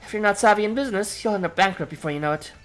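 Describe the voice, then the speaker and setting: A man's voice: high-pitched, very fast, fairly bright tone, soft background music, pitched above the performer's own voice. A man voicing a scheming fox woman executive with a put-on British accent, sounding sweet and smug. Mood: sly.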